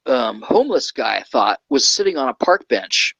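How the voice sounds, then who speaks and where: A man tells a long personal story in a loose, rambling way and keeps tagging "okay?" onto his sentences. His voice sits at an ordinary middle pitch and sounds close and dry. It is casual conversation with a guest. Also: sing-song, moderate pace, creaky, fairly bright tone, no room sound, poor audio. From California.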